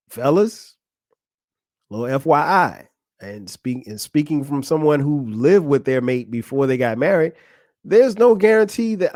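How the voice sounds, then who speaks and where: Here a podcast host, a man in his forties, delivers a conversational monologue of marriage advice, frank and full of laughter, aimed right at a friend. His medium-pitched voice is a little mellow, captured cleanly in the studio without echo.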